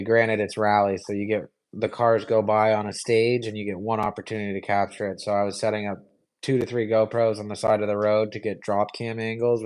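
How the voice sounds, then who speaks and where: A man's voice: on the low side, darkish tone, rough recording. A young man hosting a live stream, answering viewer questions in an easygoing, rambling way full of fillers. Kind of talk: casual live Q&A chat.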